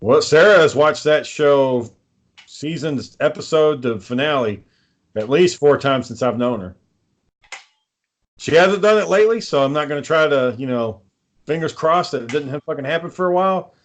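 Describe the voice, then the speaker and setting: A man co-hosts a casual podcast, telling rambling, profanity-laced stories. His voice is a little high with lively intonation, and he speaks at a normal speed.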